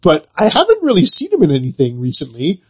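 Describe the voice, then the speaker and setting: A man's voice: fairly high pitch, huge pitch swings, fast, slightly rough. A man co-hosting a podcast, chatting casually about games and movies in a loose, rambling way full of filler words. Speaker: podcast co-host.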